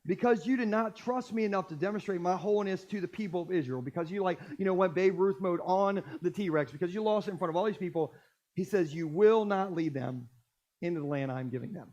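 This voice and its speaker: Male pastor, higher-pitched voice, animated sermon with humor, church setting. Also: fairly quick, highs cut off. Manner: animated, jokey storytelling. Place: church stage.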